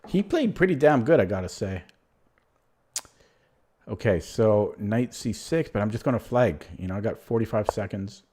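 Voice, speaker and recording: A man's voice: on the low side, lively intonation, normal speed, warm tone, slight background noise. A man streaming live chess, thinking aloud in a casual, rambling way and muttering moves half to himself. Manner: casual, self-deprecating, rambling asides. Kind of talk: live commentary while playing online chess.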